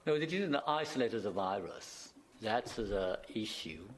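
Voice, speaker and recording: A man interviewed in a news clip, speaking in flat, measured statements. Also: on the low side, a loud crowd. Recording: played news clip, faint noise.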